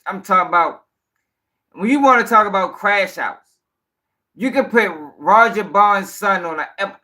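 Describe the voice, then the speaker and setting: A man's voice: high-pitched, pushed and bright. A man hosting a live-stream news show, ranting in casual, profane, rambling talk and sounding tired.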